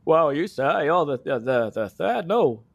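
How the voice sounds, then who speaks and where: A man's voice: fairly high pitch, sing-song, unhurried, gravelly, breathy edge, no room sound, lo-fi sound, exaggerated voice. A man playing a chatty rural local who rambles and stammers as he gives directions. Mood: gossipy. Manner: rambling, stammering, full of restarts.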